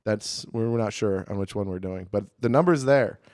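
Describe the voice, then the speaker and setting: A man's voice: lowish voice, normal speed, darkish tone, no room sound, studio quality. A man co-hosting a casual comedy podcast, joking and teasing with loose fillers. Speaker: podcast co-host.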